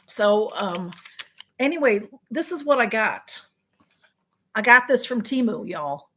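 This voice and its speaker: A woman's voice: fairly high pitch, a bit bright. A middle-aged woman with a Southern US accent, chatting casually with viewers on a livestream and reading out their comments in a rambling way. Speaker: livestream host. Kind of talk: casual live chat with viewers.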